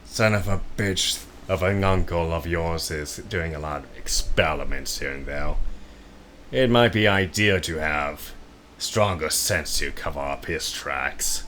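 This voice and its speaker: A man playing his character in a tabletop game, thinking out loud and often stopping to restart his sentences. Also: a bass voice, slow pace, a little hiss or hum. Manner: speculative, hesitant, trailing off and restarting. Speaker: player.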